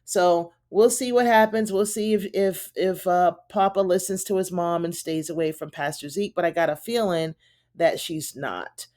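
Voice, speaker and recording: A woman's voice: on the low side, moderate pace, a little mellow. A woman giving a casual, chatty recap of a TV episode, retelling the scenes in her own words with plenty of fillers. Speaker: TV show reviewer.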